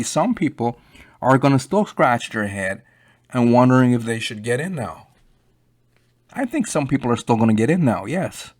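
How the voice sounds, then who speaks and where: A man giving rambling, emphatic, unscripted commentary, addressing viewers directly. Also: on the low side. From Canada. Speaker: YouTube crypto commentator.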